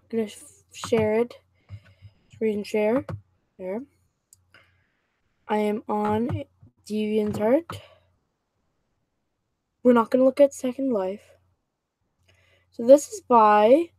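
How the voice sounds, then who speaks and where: A woman's voice: fairly high pitch, warm tone, no room sound, low-quality recording. A woman casually reading a novel aloud, stumbling and restarting over words now and then. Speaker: reader and channel host.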